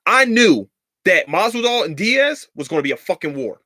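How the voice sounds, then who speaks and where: A man's voice: high voice, big pitch swings, normal speed, sharp tone, no echo, studio quality. A man hosting a podcast, ranting in a heated, profane and sarcastic way, repeating lines for emphasis. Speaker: podcast host. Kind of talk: casual rant.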